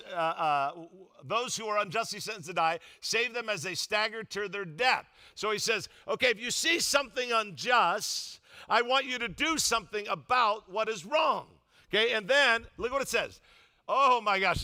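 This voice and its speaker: An older man preaching a sermon as pastor, telling funny stories with loud, emphatic bursts. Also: high voice. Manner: humorous storytelling, animated, loud emphatic bursts.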